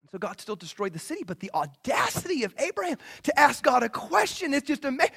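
A man preaching a sermon in an energetic, conversational way, acting out quotes. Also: very high voice, fast, vocal fry, few pauses, slightly rough. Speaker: pastor.

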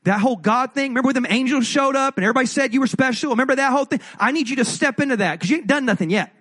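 A woman's voice: high-pitched, rapid-fire, fairly bright tone, voice pushed up. A man voicing a stressed, pushy mother who pleads with her son to fix a wedding crisis. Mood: pleading.

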